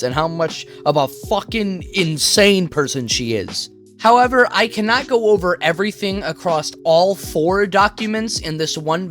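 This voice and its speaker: A man's voice: sits high, a bit bright. A man talking bluntly to his viewers in a commentary vlog, swearing heavily as he goes through old messages. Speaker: YouTuber.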